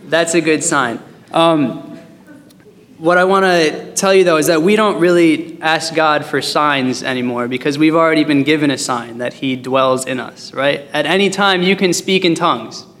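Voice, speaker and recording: A man leads a casual Bible study, reading verses and joking his way through them. His voice sits fairly high, and a long hall reverb trails each phrase. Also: measured pace, fairly bright tone. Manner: chatty and joking, with fillers. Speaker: Bible teacher.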